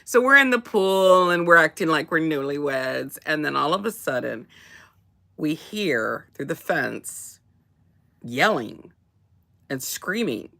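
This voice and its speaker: Bright-voiced woman telling a rambling story. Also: low voice, very animated, takes it slowly, creaky. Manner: rambling with many restarts and laughs. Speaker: co-host. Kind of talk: casual chat.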